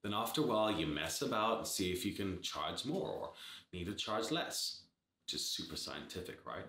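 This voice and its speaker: A man's voice: deep voice, lively intonation, moderate pace, pushed and bright, echoey room. A man giving blunt, sarcastic startup advice in a casual talk to camera, swearing freely. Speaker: startup advisor.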